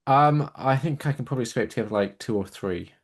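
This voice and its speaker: A man's voice: medium pitch, lively intonation, brisk, breathy edge. Tentative male podcast guest. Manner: tentative, hedging. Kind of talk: casual film chat.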